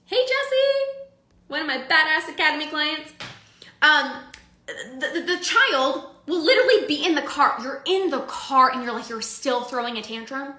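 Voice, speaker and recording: Bright chatty woman coaching. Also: high-pitched, sing-song, moderate pace, echoey room. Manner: casual, chatty, full of analogies and filler likes. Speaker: binge eating coach. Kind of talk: live-streamed coaching talk.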